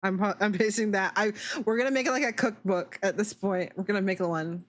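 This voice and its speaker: A young adult woman hosts a laid-back live stream, riffing with chat and reading out messages. She giggles often and swears freely, her voice relaxed and playful. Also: medium pitch, fairly quick. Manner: giggly, profane, reacting to chat.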